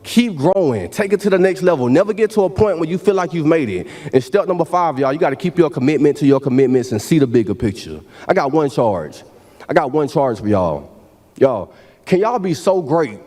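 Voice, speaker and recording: Guy in his 30s, hyped keynote speech, preachy call and response, kinda high voice. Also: lively intonation, fairly quick, darkish tone. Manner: preacherly, repeats "y'all" often, call-and-response. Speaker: keynote speaker. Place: large hall at a university ceremony.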